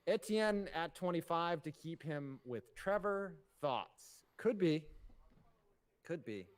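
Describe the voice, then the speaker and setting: A man's voice: on the high side, animated, slow. A man hosting a casual livestream, reading viewer donations aloud and joking between them. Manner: loose and jokey, laughing between reads. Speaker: host.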